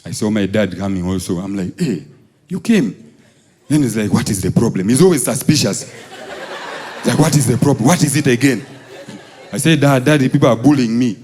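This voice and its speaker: At a live gig with audience laughter, a Ugandan comedian spins stand-up tales from school. His voice is a little mellow, and when he quotes people he performs them, jumping up high and sinking down low.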